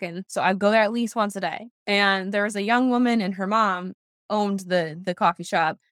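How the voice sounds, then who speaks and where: A woman's voice: medium pitch, a bit bright, smooth, no room sound, studio quality. A woman co-hosting a podcast, effusive and gushing as she tells a story in casual chat.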